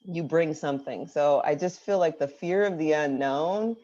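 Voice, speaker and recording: A woman, a former high school math teacher, talking casually as a guest and reflecting with frequent fillers. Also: moderate pace, mellow, lo-fi sound. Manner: reflective, many "you know" fillers. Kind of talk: casual conversation.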